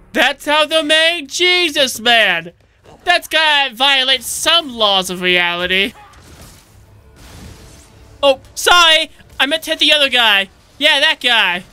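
A man riffs through a game session with a sharp, very bright voice and plenty of swearing. He jumps from muttered asides to sudden yells, with game music faintly behind him. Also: high voice, animated, drawn-out words, smooth. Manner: joking, swearing, sudden yelling outbursts. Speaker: gameplay commentator. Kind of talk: comedic let's-play commentary.

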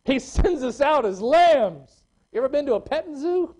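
Animated high-voiced male preacher. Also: normal speed, poor audio. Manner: animated preaching, swinging from loud exclamations to quiet scripture reading. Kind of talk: sermon. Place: church.

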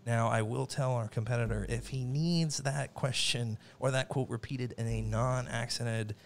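A man's voice: mid-range voice, fairly even intonation, normal speed, creaky. A man hosting a trivia game in a playful mock-formal announcer manner. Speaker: trivia game show host.

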